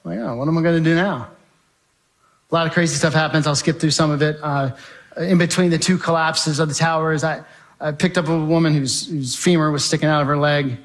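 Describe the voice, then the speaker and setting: A man's voice: fairly high pitch, little pitch movement, a little fast. A man giving a testimony as dramatic storytelling, vivid and emphatic, speaking straight to his audience.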